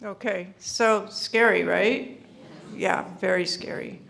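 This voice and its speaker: Gravelly-voiced woman giving earnest advice. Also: mid-range voice, steady tone, takes it slowly, fairly bright tone, slight background noise. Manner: earnest, repeats herself, many fillers. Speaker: speaker at a senior scam-prevention summit. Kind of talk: informal presentation.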